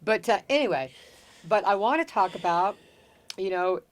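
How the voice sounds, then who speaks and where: In a relaxed conversation on her podcast, a woman tells stories with lots of animation, acting out what people said and swearing without restraint. Her voice is medium-pitched and her pace normal.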